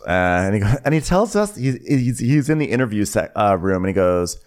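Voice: deep voice, expressive. A podcast co-host chatting casually and joking about a reality TV episode. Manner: joking, quick asides, laughs often. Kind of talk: casual comedic recap chat.

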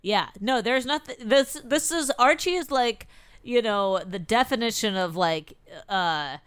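A woman co-hosting a casual TV recap podcast, talking sarcastically and swearing, with quick mocking impressions of the characters. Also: fairly high pitch, expressive, a bit bright, clear, resonant tone, no room sound. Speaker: podcast co-host.

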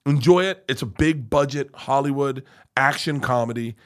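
Loud, fast-talking male comedian guest, mid-range voice, swears freely. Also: medium pitch. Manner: excitable, swearing, rushed. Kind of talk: casual chat.

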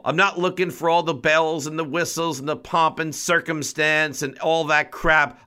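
A man's voice: on the high side, steady tone, normal speed, hardly any pauses, pushed and bright, smooth. A man hosting a sports talk show, playfully grumpy and emphatic in his complaints. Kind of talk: casual chat.

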